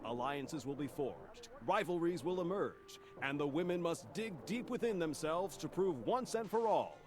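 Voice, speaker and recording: A man doing a booming TV promo announcer. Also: lively intonation, normal speed, over music, natural voice. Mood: dramatic. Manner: dramatic trailer-announcer delivery. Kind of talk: video game voice acting.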